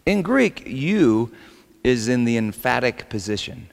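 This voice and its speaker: A man preaching a sermon as pastor, swinging between loud emphatic lines and quiet asides. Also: medium pitch, big pitch swings, measured pace, creaky, long reverb tail.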